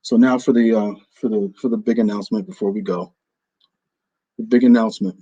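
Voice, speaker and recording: A man's voice: fairly low pitch, steady tone, a little fast, warm tone, husky, dry recording, muffled recording. A man from New Jersey hosting a business radio show, talking casually in a playful, theatrical way. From New Jersey, USA. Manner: playful and theatrical, jokingly overdramatic.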